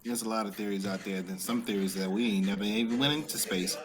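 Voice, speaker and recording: A man on a video chat, telling stories in a lively way and swearing freely. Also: lowish voice, quick pace, slight background noise. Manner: animated storyteller, swears freely. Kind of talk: casual chat.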